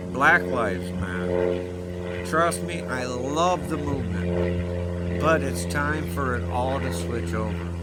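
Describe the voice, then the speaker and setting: Over background noise, a man speaks in a medium-pitched voice to his viewers as a vlogger, giving an earnest, rambling personal message. He's choked up and pleads with them to listen.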